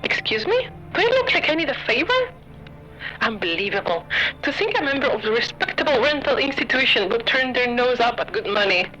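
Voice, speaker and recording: A woman's voice: on the high side, sing-song, fairly quick, sharp tone, soft background music. A woman voicing a haughty male visitor who talks in formal, legal terms, in a game stream with dull lo-fi audio.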